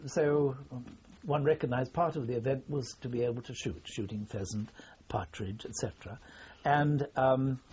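An older man recalling his army years in a halting, formal way, pausing often with fillers. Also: medium pitch, darkish tone, a little hiss or hum. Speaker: interviewee. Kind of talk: oral history reminiscence. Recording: dull lo-fi recording.

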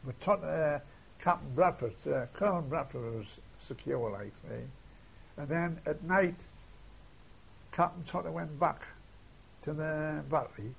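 A man's voice: fairly high pitch, unhurried, vocal fry, husky. An older man recalling wartime events in an oral history interview, rambling and retelling old dialogue, often tagging "see?". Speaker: war veteran interviewee. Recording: dull lo-fi archive tape.

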